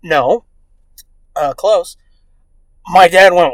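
Crude, animated male podcast co-host. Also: high voice, takes it slowly, pauses often, no echo. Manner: profane, animated, acts out quoted voices. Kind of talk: casual crude storytelling.

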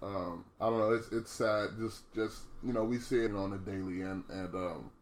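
A man's voice: on the low side, fairly even intonation, moderate pace, slight background noise. A man co-hosting a podcast, talking frankly in casual chat, swearing often and calling others "bro". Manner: frank, profane, says "bro" a lot, many restarts. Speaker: podcast co-host.

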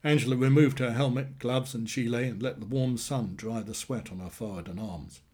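A man narrating a short story in a plain, steady storytelling manner. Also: medium pitch, fairly quick, breathy edge. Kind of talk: scripted narration.

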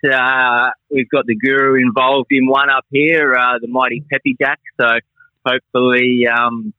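Aussie guy about 50 calling in, laid back, flat delivery, kinda muffled dry line. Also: mid-range voice, normal speed, dry recording. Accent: Australian. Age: 40s. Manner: laid-back, self-deprecating. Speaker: podcast guest.

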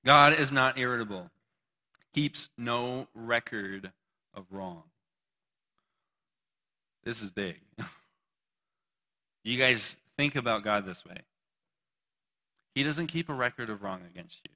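A man's voice: mid-range voice, slow pace, pauses often, pushed and bright. A man preaching a casual, joking sermon to a live group, asking questions and talking back with listeners. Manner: casual, joking, talks to the audience.

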